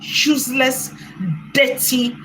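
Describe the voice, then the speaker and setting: A woman's voice: sits high, flat delivery, slow, noisy background. A woman hosting a reaction commentary, mocking and heated as she answers a critic. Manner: mocking, heated, switches to sarcastic mock crying. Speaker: channel host.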